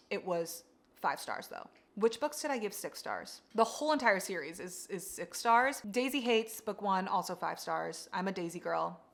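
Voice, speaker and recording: A young woman chatting casually about books she loves, gushing, excitable and swearing freely. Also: mid-range voice. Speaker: book vlogger. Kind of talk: casual book review chat.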